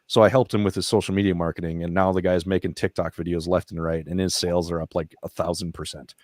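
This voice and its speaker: A man with a low, deep voice talks as a veteran and nonprofit founder on a podcast. He tells his stories casually and candidly, swears freely, and lets his emotion show as he retells events. The sound is dry and close, with little room echo. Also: fast talker. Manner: profane, emotional, animated retelling. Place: podcast studio.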